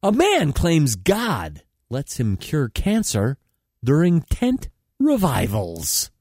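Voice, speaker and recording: A man's voice: fairly high pitch, wildly swooping pitch, slow pace, a little mellow, husky, no room sound, soft background music. A man reading joke news stories in a mock-serious way, often breaking into laughter. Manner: laughs through his own lines, mock-serious. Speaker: comic news reader.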